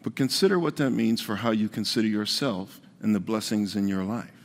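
A man's voice: lowish voice, fairly quick, big-room sound. A man preaching a conversational sermon as pastor, repeating his key points for emphasis.

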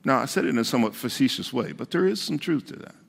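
A man's voice: medium pitch, animated, fast, creaky, big-room sound. A man preaching a conversational sermon as pastor, repeating his key points for emphasis.

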